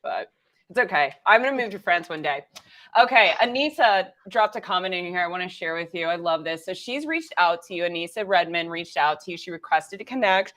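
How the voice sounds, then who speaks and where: A woman's voice: on the low side, brisk, fairly bright tone. Chatty American woman hosting a stream. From United States. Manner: chatty and enthusiastic, lots of "like". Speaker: host. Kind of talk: casual live-stream interview.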